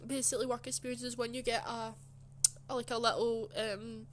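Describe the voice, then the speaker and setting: A young woman telling a personal story in a casual, rambling way, soft and emotional, with lots of fillers. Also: on the high side, flat delivery, a little fast, slight background noise. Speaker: channel host.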